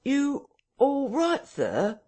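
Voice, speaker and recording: A man doing a slow rustic innkeeper. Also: very high voice, huge pitch swings, a little mellow, voice pushed up, heavily acted. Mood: puzzled. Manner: slow, blunt rustic speech.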